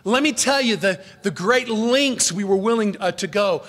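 A male pastor delivers an earnest expository sermon in a fairly high voice. He swings from loud, rising emphasis down to low, quiet asides, and sometimes stops to correct himself mid-sentence. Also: normal speed, hardly any pauses. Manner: rises in pitch and volume for emphasis, then drops low and quiet.

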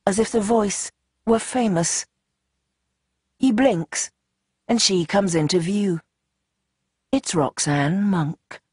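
An audiobook narrator reads with tense drama, rushing through action and slowing into dread. The voice is mid-pitched and the recording is dry and close. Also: darkish tone, breathy edge, no room sound. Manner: tense, dramatic, shifting pace. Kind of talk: scripted narration.

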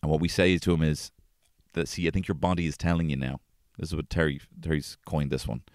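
A man hosting a podcast, telling casual stories about his family, swearing freely and jumping into high-pitched voices when quoting people. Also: fast talker, dry recording, studio quality. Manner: swears freely, animated, acts out quotes in a high voice. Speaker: podcast host. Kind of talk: casual storytelling chat.

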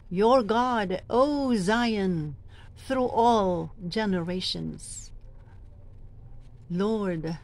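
Filipino lady lector coach, reads scripture real slow n deliberate, leans on each word. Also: mid-range voice, a little mellow. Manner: slow, deliberate, emphatic reading with coaching asides. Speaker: lector trainer. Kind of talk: teaching and modeling scripture reading.

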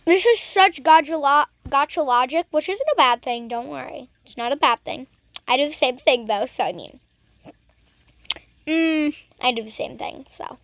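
A woman's voice: high voice, lively intonation, moderate pace, fairly bright tone, dry recording. A young woman chatting casually as she reacts to videos, teasing and talking back at the screen.

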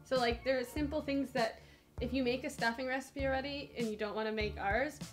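A woman's voice: high voice, fairly even intonation, brisk, music in the background. A young woman co-hosting a cooking channel, narrating recipe steps and chatting casually with her co-host. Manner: chatty, laughs easily, says "like" a lot.

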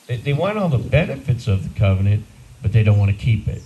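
A man's voice: on the low side, very animated, fast talker, mellow, muffled recording, slight background noise. A man in his sixties, a priest, preaching a homily in a blunt, conversational, self-deprecating way. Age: 60s. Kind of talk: sermon.

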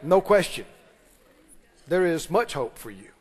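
Man, pastor, sermon, high-pitched, lively dramatic delivery, long reverb. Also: a little slow, pauses often. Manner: animated preaching, retells scripture dramatically.

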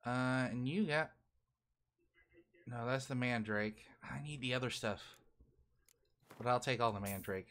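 Chatty let's play guy, bright voice, talks to chat while he plays. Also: medium pitch, unhurried, long pauses. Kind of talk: casual gameplay commentary.

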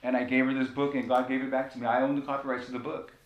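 Pastor guy preaching and telling his story, mid-pitched voice, echoey room. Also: flat delivery, rapid-fire, lo-fi sound. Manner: impassioned storytelling preaching with repeated phrases. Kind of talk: sermon. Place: church sanctuary. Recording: echoey church room with faint rumble.

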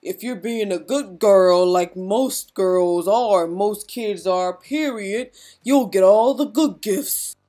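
A woman doing a slow, lecturing Santa. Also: medium pitch, mellow, pitched below the performer's own voice, lightly acted. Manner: preachy, lecturing. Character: stern scolding Santa, older man. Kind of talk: Roblox role-play voiceover.

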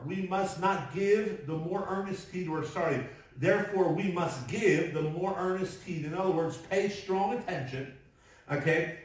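A man preaching a sermon as pastor, earnest, with frequent restarts and asides. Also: a little high. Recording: very echoey room, voice from far off.

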